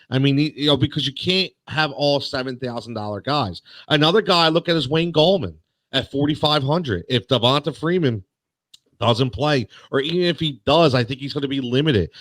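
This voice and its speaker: A man's voice: mid-range voice, a bit bright, no echo, studio quality. A man co-hosting a casual sports podcast, rambling with lots of fillers and restarts. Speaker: podcast co-host.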